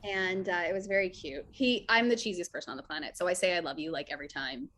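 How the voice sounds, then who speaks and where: A woman's voice: on the low side, quick pace. A woman in a casual interview, telling stories animatedly, acting out quotes and saying "like" a lot. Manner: animated storyteller, acts out quotes, says "like" often. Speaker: actress guest.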